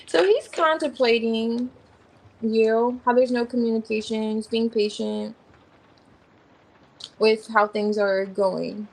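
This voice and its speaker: A woman's voice: on the high side, steady tone, takes it slowly, vocal fry, long pauses, low-quality recording. A woman giving a casual tarot reading in an informal, slangy way, thinking aloud as she names the cards. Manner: rambling, thinking aloud while naming cards. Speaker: tarot reader.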